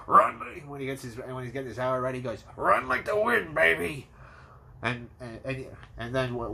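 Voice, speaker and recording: Excitable man reviewing a movie. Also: medium pitch, a little hiss or hum. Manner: excitable, swears freely, acts out movie scenes. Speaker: movie commentator. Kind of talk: casual movie review monologue.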